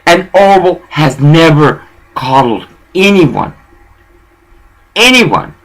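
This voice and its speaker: A man rambles through a casual, profane story, and his pitch swings widely from line to line. His voice has a gravelly fry and a raspy, husky grain. It also sounds bright and tense. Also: takes it slowly, rough recording. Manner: profane, animated storytelling that mixes in bits of Spanish.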